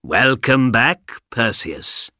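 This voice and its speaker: A man voicing a scheming, greedy king in a storybook, speaking slowly and mockingly. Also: mid-range voice, animated, pushed and bright, dry recording, studio quality, full character voice. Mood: smug.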